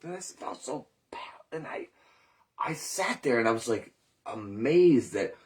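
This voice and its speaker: A man's voice: mid-range voice, sing-song, measured pace, a little mellow. A man in recovery telling his story in a candid, rambling monologue, swearing often and questioning himself aloud. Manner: rambling, profane, self-questioning.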